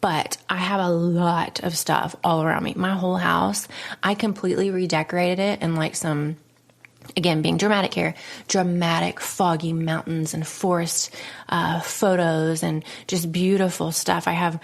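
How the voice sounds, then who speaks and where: A woman's voice: lowish voice, level tone, moderate pace, vocal fry. A woman in her thirties hosting a podcast, telling a personal story in a dramatic, emotional way, dropping to whispers and laughing often. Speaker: podcast host.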